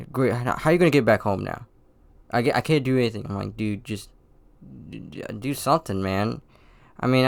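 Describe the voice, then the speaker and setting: Low, smooth-voiced teenage guy rambling. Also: a bit bright, dry recording. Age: teens. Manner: rambling and hesitant, with many restarts and apologies. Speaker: podcast host. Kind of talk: casual solo podcast monologue.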